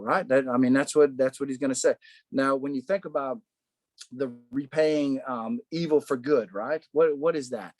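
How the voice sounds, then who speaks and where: A man leading a casual Bible study, animated, asking rhetorical questions and saying "man" a lot. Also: mid-range voice, normal speed, no echo.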